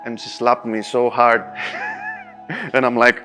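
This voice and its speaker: Soft music plays faintly beneath a casual interview where a male pool player, speaking animated but slow non-native English, describes a match. His pitch is mid-range, and he laughs frequently.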